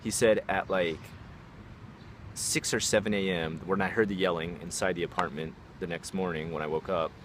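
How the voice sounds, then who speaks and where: A young man with a low voice tells a story in a loose, casual way. He swears often and scatters "like" and "you know" through his sentences. There is faint background noise behind him. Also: steady tone, moderate pace. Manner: casual, profane, many fillers like "like".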